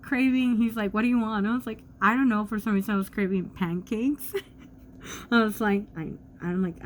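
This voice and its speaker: A woman's voice: fairly low pitch, slight background noise. A woman recovering from illness, talking in a chatty, rambling way with lots of fillers and self-corrections in a casual vlog from her apartment. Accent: New York. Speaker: vlogger.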